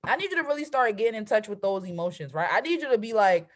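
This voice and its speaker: An energetic woman coaching her audience in a casual, motivational talk. She keeps tossing out "right?" to pull listeners along. She slips into excited affirmations of gratitude as she goes. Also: medium pitch, fast talker. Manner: conversational, keeps asking "right?". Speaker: trading and mindset coach.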